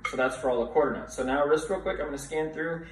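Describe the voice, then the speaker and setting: A man's voice: on the high side, fast talker, distant mic, heavy background noise. Man counting drum rhythms in a roomy space. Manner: counts rhythms aloud and chants along; encouraging, coaching students to play along. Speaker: music teacher. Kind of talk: snare drum tutorial. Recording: roomy echo, voice from off the mic.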